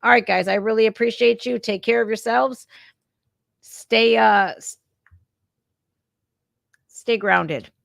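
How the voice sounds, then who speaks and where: A woman's voice: on the high side, takes it slowly, vocal fry, pauses often, a bit bright, dry recording. Fired-up woman host ranting. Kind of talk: casual reaction talk. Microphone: remote streaming setup.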